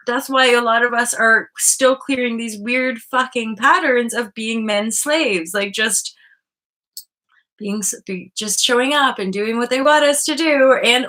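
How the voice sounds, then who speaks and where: Slightly high, bright and pushed, the host's voice carries a frank, informal live-stream chat about spiritual healing. She works through her thoughts aloud, leaning on fillers and letting the odd swear word slip.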